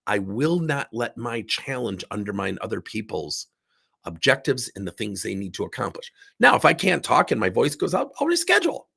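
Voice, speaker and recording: A man's voice: medium pitch, wildly swooping pitch, moderate pace, vocal fry, pushed and bright, breathy edge. A man coaching in a recorded workshop talk, sick with a strained voice, speaking in an emphatic, candid way while seated indoors. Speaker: business coach.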